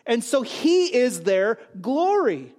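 A man with a notably high voice delivers a sermon. He preaches in a conversational way, lifting his voice for emphasis and dropping it for quiet asides. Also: big pitch swings, takes it slowly. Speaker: pastor.

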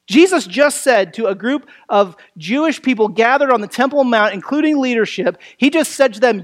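A man with a high voice preaches a sermon in a conversational way. He leans on fillers like "you know" and "right", and poses rhetorical questions as he walks through the text. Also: expressive, normal speed, few pauses. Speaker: pastor. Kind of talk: expository sermon.

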